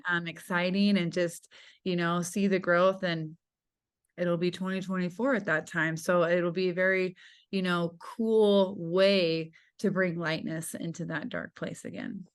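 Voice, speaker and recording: A woman's voice: fairly low pitch, steady tone, a little slow, smooth. A woman hosting a podcast, effusive and casual, swearing freely and peppering her talk with "like" and "you know". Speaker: podcast host.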